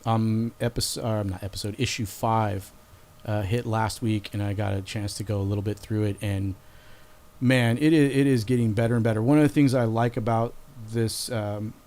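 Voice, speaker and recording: A man's voice: on the low side, fairly even intonation, normal speed, darkish tone. A man co-hosting a podcast in casual chat, rambling and swearing freely. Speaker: podcast co-host.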